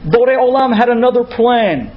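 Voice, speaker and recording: A male rabbi telling an inspirational story in an animated way, sprinkling in Hebrew words. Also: very high voice, moderate pace, highs cut off, soft background music.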